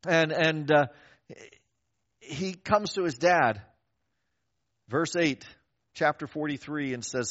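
An older male pastor delivers a sermon in a chatty, animated storytelling manner. His voice sits a little high for a man. The recording sounds dull and lo-fi. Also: takes it slowly, long pauses.

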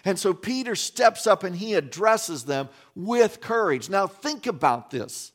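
A man's voice: sits high, expressive, a little slow, fairly bright tone. A man from West Virginia preaching a sermon in a conversational way, with folksy asides and frequent restarts. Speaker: pastor.

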